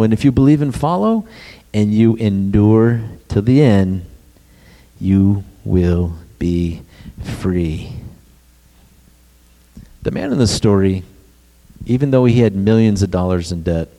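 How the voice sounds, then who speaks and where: A man's voice: mid-range voice, mellow. A pastor delivering a sermon, asking the congregation questions and acting out quotes as he goes. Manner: preaching with rhetorical questions and acted-out quotes.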